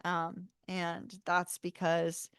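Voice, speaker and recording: Female tarot streamer, relaxed chatty host, gravelly, dry close sound. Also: lowish voice, very slow, no echo. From North Carolina, US. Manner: chatty, warm-hearted, laughs often, says y'all. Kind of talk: casual livestream chat.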